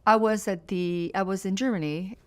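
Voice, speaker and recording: A woman's voice: medium pitch, moderate pace, darkish tone, smooth. A woman in her fifties, a native French speaker, answering in a sit-down interview as a singer, earnest and reflective, repeating phrases for emphasis. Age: 50s.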